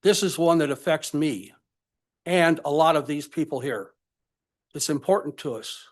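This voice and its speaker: An older man giving public comment at a college budget meeting, emotional and halting as he speaks. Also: a little high, lively intonation.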